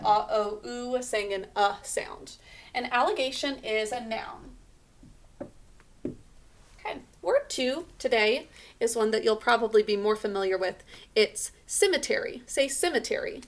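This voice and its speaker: A woman teacher giving a recorded spelling lesson, patiently sounding out each syllable and letter sound. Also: fairly high pitch.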